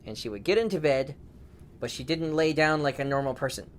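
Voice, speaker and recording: A father telling a playful bedtime story to his daughter, laughing often and shouting the robbers' lines. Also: on the high side, expressive, brisk, a little hiss or hum. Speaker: storyteller dad.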